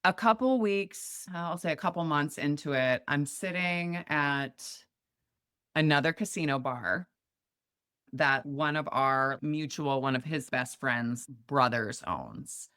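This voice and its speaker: A woman's voice: low-pitched, slow pace, smooth, dry recording, clean studio sound. A middle-aged woman from Montana, a podcast guest telling a story in casual chat and acting out the voices of the people in it. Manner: animated, acts out quoted voices.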